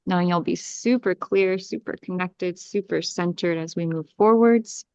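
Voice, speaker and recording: Woman guiding a soothing energy clearing. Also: on the low side, moderate pace, darkish tone, no room sound, highs cut off. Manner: soothing, repetitive spoken invocations and breathing cues. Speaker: astrologer leading a live group energy clearing. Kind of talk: guided energy-clearing meditation.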